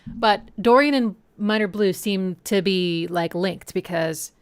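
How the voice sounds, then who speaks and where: Medium in pitch, smooth, and taking her time, a woman hosts a laid-back music analysis stream at home. A song plays faintly as she talks with chatty enthusiasm, scatting the rhythms aloud to teach them.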